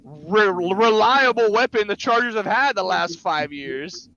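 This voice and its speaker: A man's voice: high-pitched, expressive, a little slow, gravelly, sharp tone, dull audio. A man on a sports podcast, insistent and argumentative in a debate. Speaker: podcast panelist.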